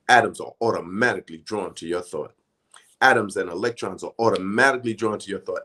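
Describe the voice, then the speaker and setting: A man's voice: on the low side, a bit bright. A man teaching spiritual affirmations in a conversational, emphatic way, often chanting decrees over and over. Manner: conversational, frequent restarts and "right?".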